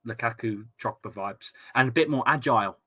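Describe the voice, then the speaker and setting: A young Englishman hosts a football fan watchalong stream, reading chat comments aloud in casual, jokey, rambling fashion, repeating himself and stumbling on words. His voice is medium-pitched, fairly quick, sharp, and husky.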